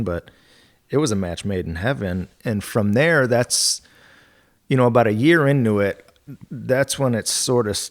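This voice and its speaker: Low and gravelly, this golf equipment territory manager tells casual stories as a guest. He's relaxed and candid, dropping mild swears and laughs.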